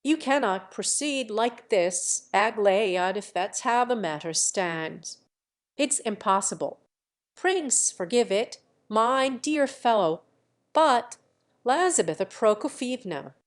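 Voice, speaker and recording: A woman's voice: on the high side, expressive, slow pace. A woman voicing an agitated older male general who speaks in a flustered, pleading way.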